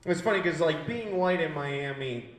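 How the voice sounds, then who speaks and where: A man's voice: a little high, lively intonation, normal speed, echoey room. A man in his twenties doing a brash, profane stand-up set and riffing with the crowd. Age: 20s. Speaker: stand-up comedian. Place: gallery space used as a comedy stage.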